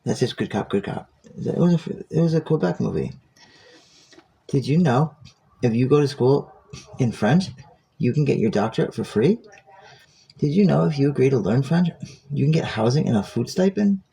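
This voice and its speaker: Man streamer, raspy gravelly voice, joking and rambling off-topic. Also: medium pitch, animated, moderate pace, long pauses, dark tone. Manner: joking, digressive, profane. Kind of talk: casual rambling monologue.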